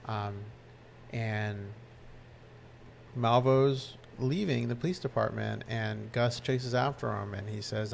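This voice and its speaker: A man's voice: mid-range voice, takes it slowly, vocal fry, a little hiss or hum. A man co-hosting a podcast, chatting casually and retelling a favorite scene with restarts and fillers. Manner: animated storytelling with restarts. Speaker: podcast co-host. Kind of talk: casual recap chat.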